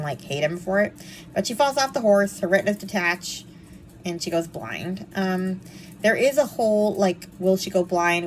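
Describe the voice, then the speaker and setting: A young woman talks through a book review in a casual, snarky way, full of ums and quick asides. Her pitch jumps around a lot as she gets worked up. A faint background hiss sits under her voice. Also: low-quality recording. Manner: animated, snarky and chatty, with frequent ums.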